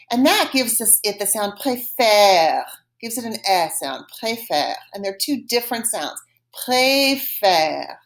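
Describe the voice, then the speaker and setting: A woman teaching a French lesson, modeling phrases slowly and clearly for students to repeat, patient and encouraging. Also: a little high. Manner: slow, exaggerated modeling of phrases for repetition. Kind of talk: recorded language lesson.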